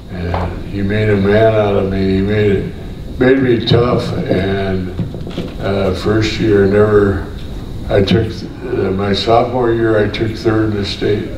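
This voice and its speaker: Slow older man with a Minnesota accent. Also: on the low side. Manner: slow, halting storytelling with many pauses. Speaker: guest, retired wrestler. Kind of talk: casual interview. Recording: roomy, distant mic, clear background noise.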